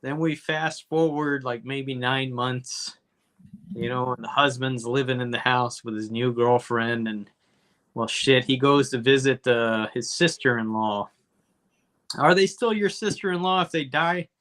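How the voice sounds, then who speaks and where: A man with a bright, forceful voice recapping a film for a comedy podcast. He rambles, swears freely and keeps breaking off for jokey asides. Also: mid-range voice, measured pace. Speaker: podcast co-host. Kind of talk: casual comedy movie review.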